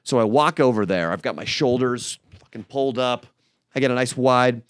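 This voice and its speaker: A man's voice: medium pitch, normal speed, clean tone, dry recording. A man co-hosting a podcast, telling a comic story and acting out the people in it with raised voices, in a studio on a studio mic. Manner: animated, acts out characters in raised voices. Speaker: podcast co-host. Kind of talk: comedic storytelling. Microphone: studio microphone.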